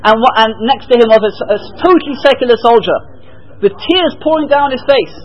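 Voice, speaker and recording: A man's voice: very high-pitched, animated, a little fast, lo-fi sound. A man giving an impassioned Torah talk, often repeating and restarting words as he presses his point. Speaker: religious speaker.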